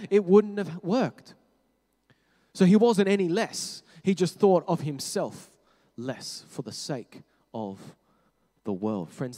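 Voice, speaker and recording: A man preaching a sermon, talking conversationally, correcting himself and dropping to quiet low tones for emphasis. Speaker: pastor. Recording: long hall reverb.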